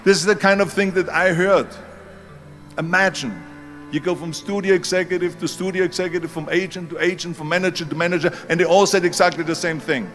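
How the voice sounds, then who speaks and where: A man's voice: high-pitched, steady tone, a little fast, a bit bright, faint music behind. Emphatic older man with a German accent. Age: 70s. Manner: emphatic storytelling, leans hard on key words. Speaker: speaker. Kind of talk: motivational speech.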